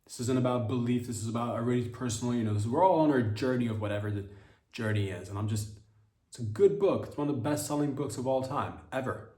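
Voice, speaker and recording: Man, podcast comic, loose rambling monologue with quick voices, in an echoey room. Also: medium pitch, dark tone. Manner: rambling, irreverent, does quick voices for quotes. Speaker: comedy podcast host. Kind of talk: comedic monologue.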